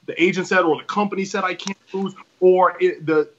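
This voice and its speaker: A man's voice: sits high, fairly even intonation, brisk, fairly bright tone, muffled recording, a little hiss or hum. A man talking as a wrestling promoter guest in a casual podcast chat, rambling and emphatic with many restarts.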